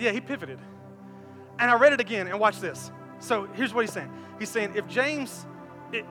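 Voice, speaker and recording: A man preaching a lively, conversational sermon in a church, joking with the congregation and demonstrating on stage. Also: very high voice, in a large hall. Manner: animated, conversational, repeats words, jokes with congregation. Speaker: pastor.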